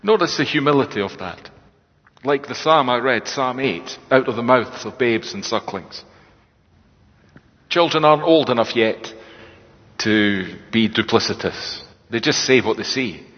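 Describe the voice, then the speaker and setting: A man delivers a sermon in a thoughtful, conversational manner and lowers his voice for quoted words. His tone is slightly husky, and the sound carries a long reverb of a large hall. The recording itself is dull and lo-fi. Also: unhurried. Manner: reflective, conversational preaching with quoted lines. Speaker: preacher.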